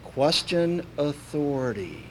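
A man's voice: a little high, sing-song, slow pace, slight background noise. A man from preaching a sermon in a folksy, anecdotal way, with many "uh" fillers. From Kentucky, USA.

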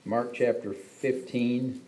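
A man delivers a sermon as a pastor, reading scripture and then unpacking it. His voice is mellow and warm, sitting in a middle pitch range. He often lifts his voice for emphasis. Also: fairly even intonation, slow, low-quality recording. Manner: reads scripture then explains it, with frequent emphatic pitch rises.

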